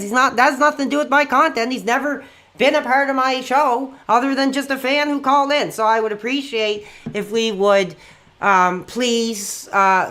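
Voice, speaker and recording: A man hosting a live call-in stream in a rambling, quick-tempered, often exasperated way. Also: extremely high pitch, bright, forceful tone.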